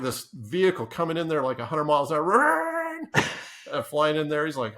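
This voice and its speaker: A man's voice: fairly high pitch, big pitch swings, moderate pace, bright, forceful tone. A man telling casual stories in an interview, with many restarts and laughs. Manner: rambling with restarts and laughs, acts out quotes. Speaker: podcast guest. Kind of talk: casual storytelling.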